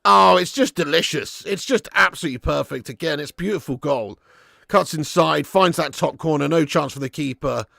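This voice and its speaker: A man hosting a live football watch-along, who shouts at the big moments and laughs a lot between them. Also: a little high, normal speed, vocal fry, dry recording, studio quality. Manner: excitable, shouts at goals, laughs often.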